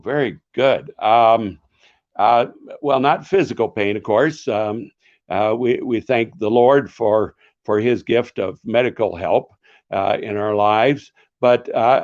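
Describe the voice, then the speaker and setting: During a live author session, an older author who used to be a pastor responds to questions with earnest reflection, frequently stopping to search for words. He speaks at a medium pitch in a muffled recording.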